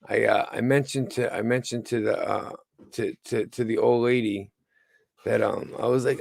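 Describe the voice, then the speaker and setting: A tired man under the weather hosts a rambling live-stream news show from home, talking haltingly with many stumbles and restarts. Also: medium pitch, creaky, a little hiss or hum. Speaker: host of a livestreamed news show.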